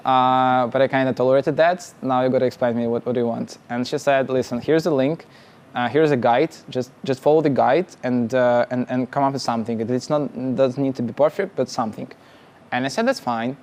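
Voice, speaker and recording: Young man, casual storytelling, halting phrasing, middle pitch. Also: steady tone, a little mellow. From Russia. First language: Russian. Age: young adult. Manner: halting, many restarts and laughs, plain non-native phrasing. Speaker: startup founder guest.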